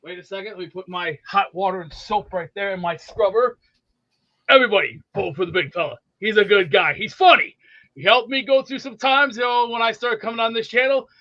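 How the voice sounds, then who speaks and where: High tense guy on a dull lo-fi call, gruff fake-annoyed banter. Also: a little fast, bright, forceful tone. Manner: gruff, mock-annoyed working-man bluster. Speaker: regular caller. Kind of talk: joking banter on a video call.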